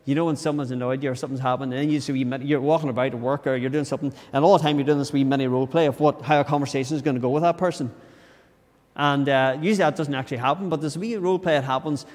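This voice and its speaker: A man's voice: medium pitch, fairly even intonation, rapid-fire, darkish tone. A man with a Northern Irish accent preaching a conversational sermon in a church, earnest, often restarting his words. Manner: earnest, restarts words, acts out inner grumbles. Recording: long church reverb.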